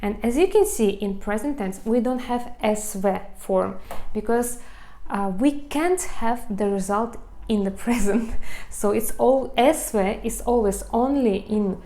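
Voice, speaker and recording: Woman, Russian accent, language teacher, fairly high voice, unhurried, halting with fillers. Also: warm tone. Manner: explains slowly with many fillers and restarts. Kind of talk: online language lesson.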